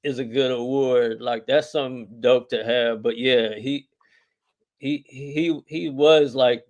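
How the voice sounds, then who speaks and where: Laid-back middle-aged rapper, rambling. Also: male voice, mid-range voice, fairly even intonation, slow pace, dull audio. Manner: laid-back, rambling, heavy on filler words and slang. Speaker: rapper guest. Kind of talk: casual podcast interview.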